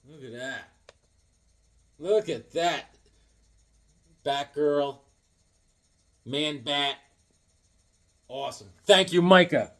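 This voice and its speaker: Casual male vlogger, high voice that jumps all over, excitable and rambling with groan-worthy jokes. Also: slow, pauses often, husky. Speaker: comic book collector showing new comics. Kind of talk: casual vlog chat.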